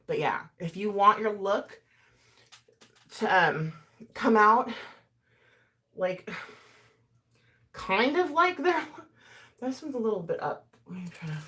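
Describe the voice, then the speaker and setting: A woman chatting casually and rambling through a makeup tutorial, with lots of fillers and asides. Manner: animated, swings in pitch and loudness. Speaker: YouTuber doing a makeup tutorial. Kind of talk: casual chat while doing makeup, talking to live chat.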